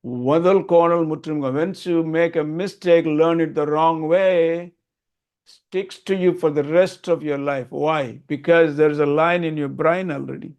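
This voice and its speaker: Older man, gravelly teacher. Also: on the high side, steady tone, unhurried, lo-fi sound. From Tamil Nadu, India. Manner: earnest, emphatic, repeats key points. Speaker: Vedic chanting teacher. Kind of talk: explaining a lesson to a group.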